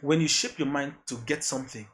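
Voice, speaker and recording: Fast and a bit bright, his fairly high voice keeps a fairly even intonation as he describes his path as a music producer. A podcast guest with a Nigerian accent who mixes in Pidgin, he's earnest and reflective in casual chat, repeating phrases as he thinks.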